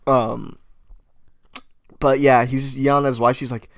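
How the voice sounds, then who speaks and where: A young man co-hosting a casual podcast, cursing freely as he tells a story and puts on the voices of the people in it. His voice sits at an ordinary pitch and is recorded close and dry, with no room around it. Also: a little slow, dry recording. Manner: profane, animated storyteller who acts out quotes. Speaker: podcast co-host. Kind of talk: casual chat. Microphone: headphones and mic.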